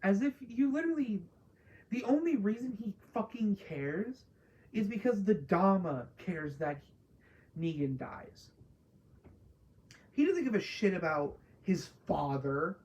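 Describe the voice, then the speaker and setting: A woman's voice: mid-range voice, lively intonation, unhurried, warm tone, highs cut off. A woman casually ranting through a spoiler review of a TV episode, profane and exasperated, mocking characters she dislikes. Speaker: TV show reviewer.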